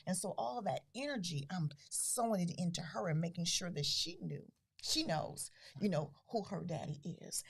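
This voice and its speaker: A middle-aged woman who founded a grief foundation, speaking earnestly as a podcast guest, with soft, breathy trailing phrases. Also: lowish voice. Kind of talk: podcast interview.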